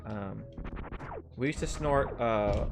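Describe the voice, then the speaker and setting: A man's voice: fairly low pitch, slow, creaky. A young man streaming a game, rambling and swearing as he tells an old story with laughs mixed in. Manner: rambling, swears freely, laughs through stories. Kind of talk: casual storytelling while gaming. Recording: game music behind the voice.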